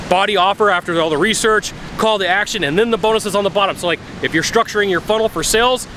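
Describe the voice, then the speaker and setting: Outdoors by a bay, a sales coach gives blunt advice in a casual vlog, acting out phone calls as he goes. His voice is high, fast, and sharp, with slight hiss or hum.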